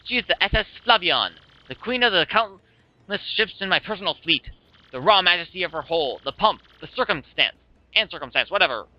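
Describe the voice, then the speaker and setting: Man doing a grandiose vain merchant, high, dull lo-fi with music. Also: dry recording, lightly acted. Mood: boastful. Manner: pompous, theatrical, grandiose. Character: vain flamboyant male merchant captain.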